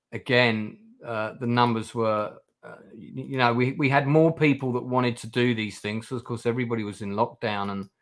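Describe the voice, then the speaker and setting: A male channel host with a mid-range, fairly bright voice chats casually with guests on a livestream. His talk rambles, full of fillers and restarts.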